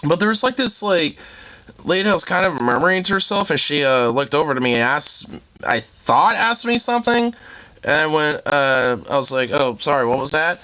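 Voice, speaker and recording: Animated, bright-voiced male streamer. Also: on the high side, moderate pace. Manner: animated, profane, exasperated ranting. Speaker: streamer reacting to a video. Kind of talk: casual reaction commentary.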